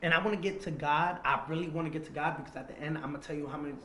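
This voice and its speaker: A man's voice: on the high side, steady tone, very fast, sharp tone. A man, telling a tense personal story in an interview, acting out quotes and swearing freely. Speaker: interview guest. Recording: echoey room with faint ambient noise.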